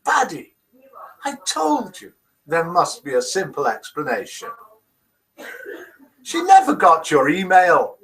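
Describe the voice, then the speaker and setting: Man putting on a calm Irish mother-in-law, attempted Irish accent, soothing, raised bright voice. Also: high-pitched, slow pace, long pauses, full character voice, poor audio. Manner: soothing, reassuring.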